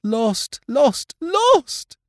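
A man voicing an aging, vain nursemaid who pines for her young master, in a high, wavering falsetto. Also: big pitch swings, moderate pace, dry recording, clean studio sound. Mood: despairing. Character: aging woman, pining nursemaid, wheedling and vain.

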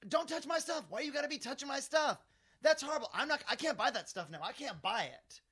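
Guy putting on an outraged lady shopper, shrill and high, pushy and loud, won't back down. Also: expressive, measured pace, heavily acted. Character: irate, indignant woman shopper.

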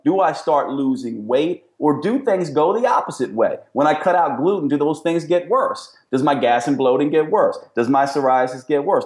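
A man's voice: medium pitch, a little mellow, roomy sound. A middle-aged man, a nutrition expert and podcast guest, explaining his views in an emphatic, explanatory way. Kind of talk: podcast interview.

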